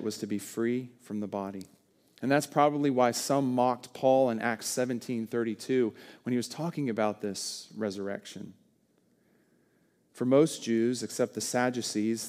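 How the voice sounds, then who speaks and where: Man, sermon, earnest, pushes loud then goes soft, mid pitch. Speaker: pastor.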